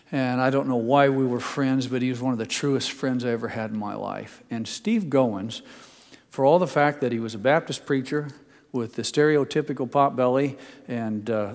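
An older man preaching a sermon as a pastor. He tells folksy personal stories and builds to emphatic high points. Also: darkish tone, long reverb tail. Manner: storytelling, folksy asides, builds to emphatic peaks.

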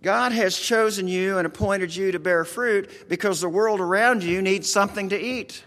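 A man's voice: high-pitched, moderate pace, a bit bright, in a large hall. A man with a rural American accent preaching a conversational sermon, earnest and folksy, talking straight to his congregation.

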